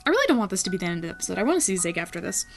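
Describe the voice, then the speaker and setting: A woman's voice: lowish voice, big pitch swings, racing, vocal fry, faint music behind. Brief: casual woman player, swears and jokes while reading a story game aloud. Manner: casual and profane, jokes at the characters.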